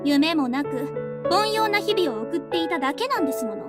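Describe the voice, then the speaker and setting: A woman's voice: extremely high pitch, lively intonation, racing. A woman voicing a spoiled, haughty rich young woman who talks in a prim, ladylike, condescending way, in game voice acting. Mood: scornful. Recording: roomy game audio with music.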